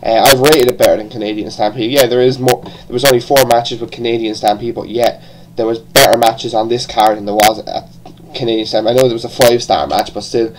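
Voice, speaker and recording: A man's voice: mid-range voice, steady tone, brisk, hardly any pauses, noisy background. A man with an Irish accent giving a casual, rambling review, full of restarts and the odd swear word. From born in England, raised partly in Ireland. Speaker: wrestling show reviewer.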